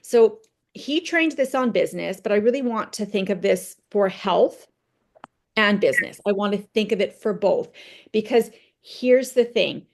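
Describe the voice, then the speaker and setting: A woman with a middle pitch guides her team through a motivational training session in a conversational way. She tells personal stories to make her points land and keeps adding "right?", speaking a little slowly with a slightly mellow sound.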